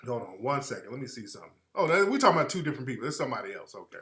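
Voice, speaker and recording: A man's voice: medium pitch, big pitch swings, very fast, fairly bright tone, echoey room. A man hosting a radio talk show, talking to listeners in a loose, slangy, rambling way and trailing off while he looks things up. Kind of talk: casual commentary to listeners.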